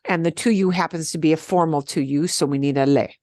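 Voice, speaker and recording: A woman's voice: deep voice, quick pace, warm tone, dry recording, clean studio sound. A woman teaching a beginners' Spanish class over a video call, explaining patiently and checking in with "okay?" often.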